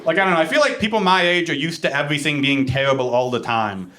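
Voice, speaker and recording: A man's voice: on the high side, quick pace, background noise. A young man doing a stand-up set on a club stage, telling jokes in a dry, self-deprecating, matter-of-fact way. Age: young adult. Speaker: stand-up comedian. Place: comedy club stage before a laughing audience.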